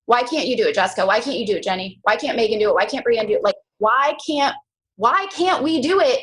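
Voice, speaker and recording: A young woman leading a team coaching call, chatty and animated, full of slang and quick asides. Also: poor audio. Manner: animated, chatty, slangy, jumps into high mock voices. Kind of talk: casual motivational team call.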